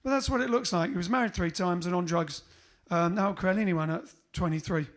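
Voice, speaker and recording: A man's voice: high voice, brisk. A man hosting a band livestream, chatting casually between songs with rambling, joking asides.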